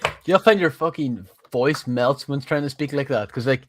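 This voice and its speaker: A man in casual chat on a live stream, blunt and quick to swear, mostly tossing in short reactions. His voice is mid-pitched and recorded dry and close, with no room sound. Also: a bit bright, dry recording. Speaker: co-host.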